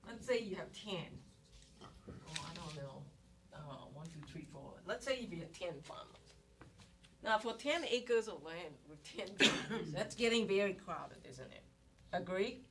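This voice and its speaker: A woman's voice: mid-range voice, a bit bright. A woman instructor giving a classroom economics lecture, explaining step by step and asking rhetorical questions. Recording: distant mic with noise and clicks.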